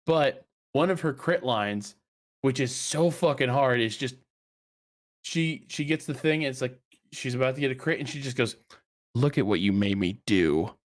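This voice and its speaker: Guy hosting a chill gaming podcast, swears a ton, goes way up high when he gets ranting. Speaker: podcast host. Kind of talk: casual chat.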